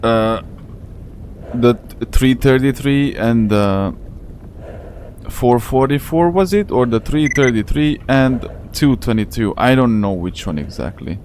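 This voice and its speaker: A man's voice: mid-range voice, lively intonation, slow pace, a little mellow, slight background noise. A man giving casual live commentary while streaming a game, chatty and rambling, with a non-native English accent. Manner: chatty, rambling, slangy, talks to chat. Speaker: gaming streamer.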